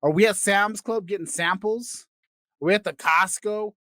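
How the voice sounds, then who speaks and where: A man hosting a comedy podcast, ranting crudely and swinging between loud outbursts and quiet asides. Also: sits high, normal speed, no echo. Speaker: podcast host. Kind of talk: comedic rant.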